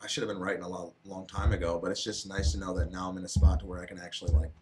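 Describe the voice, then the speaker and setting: Low-voiced young man, loose chat. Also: little pitch movement, very fast, a little mellow, a little hiss or hum. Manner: loose, profane, laughing storyteller. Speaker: stream co-host. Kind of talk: casual stream chat.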